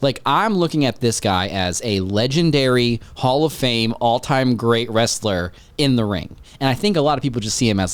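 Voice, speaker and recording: Rambling, excitable male podcast host. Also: mid-range voice, dry recording. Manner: rambling, excitable, swears freely. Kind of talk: casual chat.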